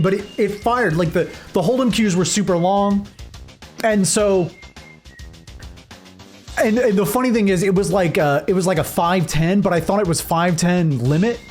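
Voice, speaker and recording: A young man streaming a game, telling a rambling story with many restarts and fillers. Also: sits high. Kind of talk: casual storytelling while gaming.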